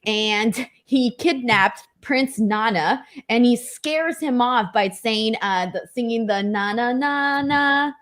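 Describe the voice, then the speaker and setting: A woman's voice: a little high, slow, few pauses. A woman co-hosting a casual chat show, upbeat as she runs through recaps. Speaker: podcast co-host.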